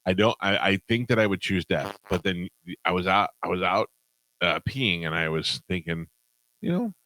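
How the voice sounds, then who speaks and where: A middle-aged man hosting a morning radio show, joking in rapid, crude banter. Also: low voice, expressive, bright, forceful tone, no room sound.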